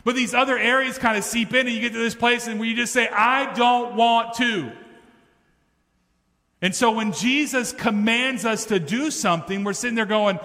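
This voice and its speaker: A pastor preaching in a church sanctuary, his high, bright voice ringing through a long hall reverb. He talks to the room in a conversational way and pushes his points with rising emphasis. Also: brisk, hardly any pauses. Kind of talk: sermon.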